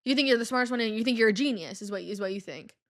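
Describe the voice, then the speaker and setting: Brief: woman quoting a harsh grade-school teacher, bright and pushy, badgering in quick questions. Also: a little high. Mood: scolding. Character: mean, scolding female grade-school staff member.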